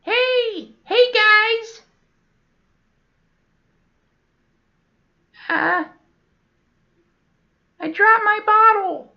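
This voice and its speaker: A man voicing a whiny old man with a baby's face, in a squeaky falsetto. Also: extremely slow, creaky, dull audio, heavily acted. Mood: chirpy.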